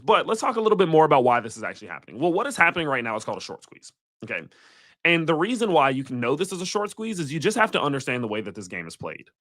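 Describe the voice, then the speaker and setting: Animated, blunt man hosting a crypto livestream. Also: on the high side, no room sound, clean studio sound. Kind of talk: live market commentary.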